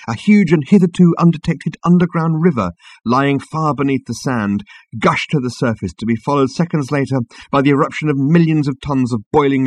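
A man reading an audiobook in scripted narration with a dry, measured storytelling manner on a close mic. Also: medium pitch, no room sound.

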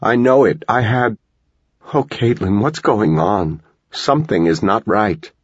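A man's voice: on the low side, lively intonation, measured pace, slightly rough, no echo, pitched above the performer's own voice. A man reading a frightened young woman who pleads for forgiveness, in a dull lo-fi recording. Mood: shaken. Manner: shaken, pleading.

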